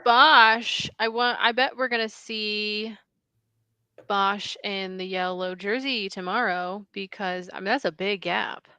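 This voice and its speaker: A woman's voice: mid-range voice, fairly even intonation, takes it slowly, bright, forceful tone, smooth, no echo. A woman co-hosting casual live commentary on an online cycling race, upbeat and enthusiastic with frequent fillers.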